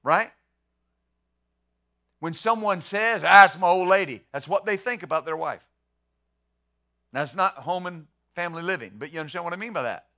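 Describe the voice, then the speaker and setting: Middle-aged male pastor, bright and forceful, a bit high, talks his sermon like a chat and repeats words. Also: animated, normal speed, long pauses. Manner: conversational preaching with rhetorical questions.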